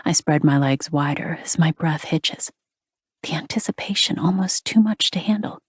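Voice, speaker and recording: Woman narrator, romance audiobook, husky half-whispered delivery, deep voice, dead-dry close mic. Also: normal speed, no echo. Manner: breathy, half-whispered intimate reading.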